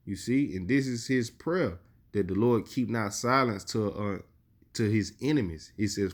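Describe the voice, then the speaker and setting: Man preaching with slow emphatic verses. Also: fairly low pitch. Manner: reads verses slowly and emphatically, repeats "you see". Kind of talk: sermon with scripture reading.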